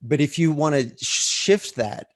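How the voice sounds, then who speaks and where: A man speaking as a guest business coach, talking in a deliberately slow, measured and inviting way. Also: a little high, no echo, studio quality. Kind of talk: reflective conversational advice.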